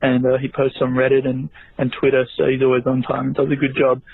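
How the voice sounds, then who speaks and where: Brief: male caller from Australia, friendly and halting, phone-line sound, very dry. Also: mid-range voice, monotone, creaky, breathy edge, no room sound. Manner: friendly, halting, many uh fillers. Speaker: caller leaving a voicemail. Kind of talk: casual voicemail message.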